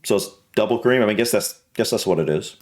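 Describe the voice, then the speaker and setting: American man thinking aloud, low voice. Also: fast talker. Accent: American English. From United States. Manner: thinks aloud, hesitant, restarts and fillers. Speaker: reaction video host. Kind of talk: casual reaction commentary.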